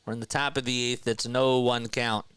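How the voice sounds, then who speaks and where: A young man doing live baseball play-by-play on a close mic, his voice bright and forward with a smooth, crisp ring. He climbs high and loud when a play turns exciting, then settles back low and relaxed to talk with his viewers. The sound is dry and close, with no room in it. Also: fairly quick, no room sound. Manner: rises sharply in pitch and volume on big plays, calm and low when reading chat. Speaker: play-by-play host of an online stream.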